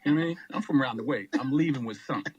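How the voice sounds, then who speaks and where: A man's voice: medium pitch, racing, slightly rough, dull audio, pitched below the performer's own voice, natural voice. A man voicing a laid-back streetwise guy who repeats a catchphrase.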